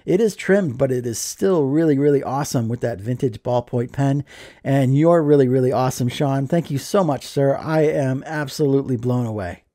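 A man's voice: medium pitch, normal speed, dark tone, dry recording, clean studio sound. A man chatting casually as he opens mail, enthusiastic and joking. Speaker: card collecting vlogger. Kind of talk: casual mail opening chat.

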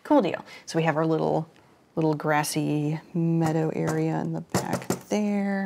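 A woman's voice: sits low, little pitch movement, a little slow, gravelly, noisy background. A woman hosting a live painting stream, chatting casually with viewers, laughing often and greeting chat while she works. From Florida.

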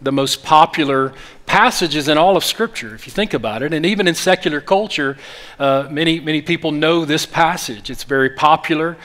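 A man preaches a sermon, his voice sitting a little high for a man. He talks earnestly, stumbling through fillers and restarts. He leads his congregation in call-and-response. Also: brisk, a bit bright. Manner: call-and-response, urges the congregation to repeat after him. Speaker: pastor.

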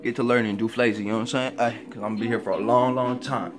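A man freestyle rapping with a rhythmic, laid-back flow and high sing-song laughing hooks. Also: fairly even intonation, very fast, over loud music. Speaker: rapper. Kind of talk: freestyle rap over a beat. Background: hip hop beat.

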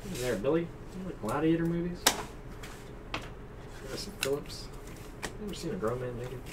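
A man hosts a card break, rattling off teams and cards with a jokey, easygoing patter. He sits back from the microphone, so he sounds distant. A clear hum of room noise runs behind him. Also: mid-range voice, expressive, moderate pace. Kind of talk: casual live card-break chat. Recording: distant mic with noisy room.

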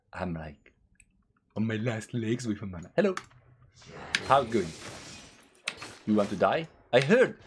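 A man's voice: mid-range voice, huge pitch swings, takes it slowly, long pauses, a little hiss or hum. A man commenting on his own gameplay, trash-talking the game's enemies and breaking into sing-song scatting. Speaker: gaming channel host. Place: at a computer, playing a game. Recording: loud keyboard clicking behind voice.

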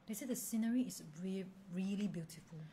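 A young woman co-hosting a casual chat, halting as she searches for words and laughing often. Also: medium pitch, warm tone, slight background noise. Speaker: podcast co-host.

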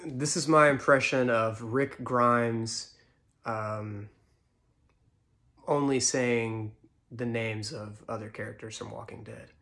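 A man presenting comedy impressions with short, deadpan introductions. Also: mid-range voice, slow pace.

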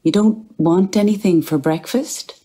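A woman's voice: mid-range voice, measured pace, dark tone, husky, voice pushed up. A woman reading aloud voices a mild middle-aged man who talks to his cat in a coaxing, teasing singsong. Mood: calling.

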